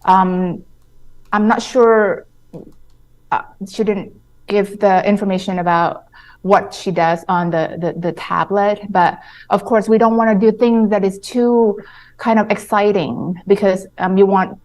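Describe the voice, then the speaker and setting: A woman sleep-specialist doctor, a guest on a radio talk show, explaining things in a measured way with frequent pauses and restarts. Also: medium pitch, steady tone, a little mellow. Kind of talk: radio interview answers.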